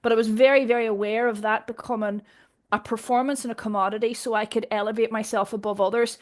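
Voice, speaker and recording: Animated Northern Irish woman, rather high. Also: quick pace. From Northern Ireland. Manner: direct, animated, laughs often while telling stories. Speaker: guest. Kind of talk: casual conversation.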